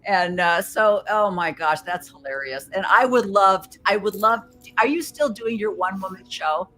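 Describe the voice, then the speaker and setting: A woman's voice: medium pitch, lively intonation, normal speed, pushed and bright. Enthusiastic middle-aged woman host. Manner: enthusiastic, affirming interviewer. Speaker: podcast host. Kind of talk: casual interview chat.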